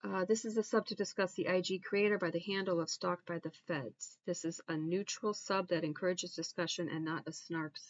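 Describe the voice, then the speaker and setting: A woman YouTube creator talking back to a video she is playing, halting and repeating herself in casual commentary. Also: lowish voice, steady tone, no room sound, muffled recording. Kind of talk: casual commentary over a clip.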